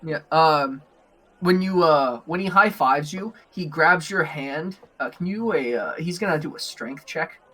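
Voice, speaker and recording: Young guy running a tabletop game, kinda high voice, rambles and giggles a lot. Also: measured pace, sharp tone. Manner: rambling, giggly, filler-heavy narration. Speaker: game master.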